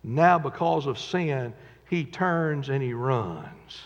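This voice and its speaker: A man's voice: medium pitch, animated, slow pace. Dramatic preacher man in an echoey church. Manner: dramatic, acts out quotes, swings from loud to quiet. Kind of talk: sermon. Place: church sanctuary. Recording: dull echoey church recording with long reverb.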